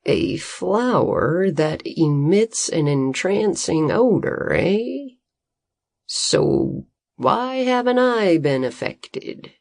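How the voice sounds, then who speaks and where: A woman voicing a wiry, self-assured male farmer in a storybook reading, speaking calmly and slowly. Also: on the low side, vocal fry, no room sound, clean studio sound, full character voice. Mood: steady.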